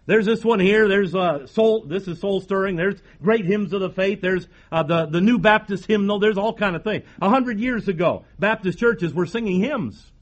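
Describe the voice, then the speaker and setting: High-voiced man preaching emphatically. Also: normal speed, few pauses. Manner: emphatic preaching with repeated phrases and rhetorical questions. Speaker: pastor. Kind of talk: sermon.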